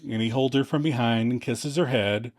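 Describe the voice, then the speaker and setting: A man's voice: medium pitch, normal speed. A man co-hosting a podcast, narrating the scene and acting out the quotes in casual recap chat. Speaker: podcast co-host.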